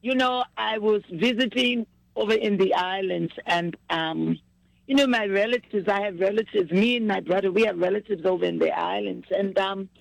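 A woman's voice: medium pitch, normal speed, vocal fry, no echo, poor audio. A woman chatting with family about her travels and faith, effusive and repetitive, sliding into a preachy tone. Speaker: singer sharing news with family. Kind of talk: casual chat.

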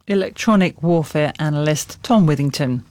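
A male news anchor presenting headlines and introducing reports in a crisp, even studio delivery. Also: a little high, normal speed, no echo.

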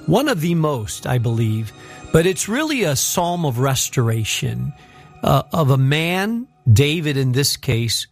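A middle-aged pastor with a notably high voice preaches in an animated, storytelling manner. His words ring out with a long reverb across a large auditorium. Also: a little slow, creaky, faint music behind. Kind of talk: sermon.

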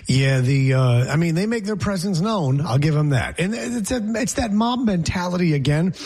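Husky, higher-voiced sports talk host. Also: male voice, lively intonation, normal speed, a little mellow. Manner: opinionated, rambling, joking. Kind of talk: sports talk show banter.

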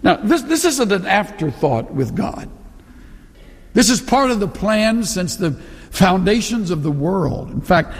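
High-voiced preacher in a reverberant space. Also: male voice, creaky, slightly rough. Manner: earnest preaching with emphatic quoted scripture. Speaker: pastor. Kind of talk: sermon.

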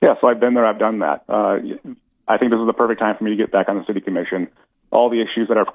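A man from North Dakota, a city commission candidate, calling in to a radio interview and talking quickly with many restarts. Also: low voice, no echo. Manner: rapid, halting restarts. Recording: tinny phone line, dry.

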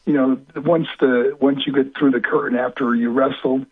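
A man's voice: mid-range voice, steady tone, slightly rough. A man, a former pro wrestler from the United States, telling a painful personal story with many halts and repeated words. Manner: halting, repeats words, breaks into cries and whispers. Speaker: guest, former professional wrestler. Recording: tinny phone line.

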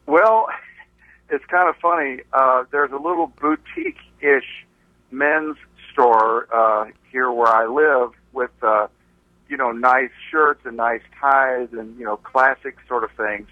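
A man's voice: medium pitch, slow, dry recording. Hesitant male caller on a phone line. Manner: hesitant, stammering. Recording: dull dry phone line.

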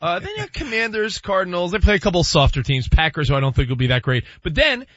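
A man on a sports talk show, animated, laughing and arguing his point. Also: sits high, fast, no echo, dull audio.

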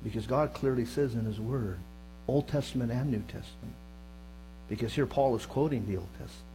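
A middle-aged man preaching a sermon as pastor, moving between loud emphasis and low hushed tones, with joking asides to the congregation. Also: a little fast, a little hiss or hum, poor audio. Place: church sanctuary.

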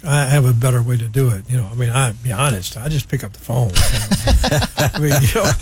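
A man's voice: medium pitch, a little fast, a little mellow, a little hiss or hum. A man hosting a radio talk show, chatting with guests and reading out credits. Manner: friendly, reads phone numbers and credits.

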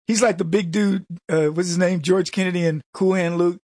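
Guy running his talk radio show, husky voice, dry close sound, mocking and animated. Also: high-pitched, brisk, dry recording. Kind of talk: conservative talk radio monologue.

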